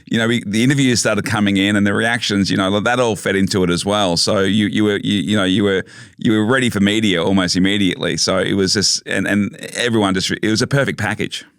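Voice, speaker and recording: A man hosting a podcast, halting and repeating words as he asks long questions. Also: on the low side, fairly even intonation, a bit bright, clear, resonant tone, dry recording, studio quality. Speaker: podcast host. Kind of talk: casual chat.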